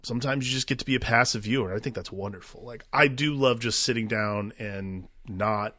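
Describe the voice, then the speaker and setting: A man's voice: mid-range voice, brisk, sharp tone, dry recording. A man co-hosting a casual movie podcast, musing loosely about films with lots of "like" and restarts. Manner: loose, filler-heavy musing with many "like"s. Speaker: podcast co-host.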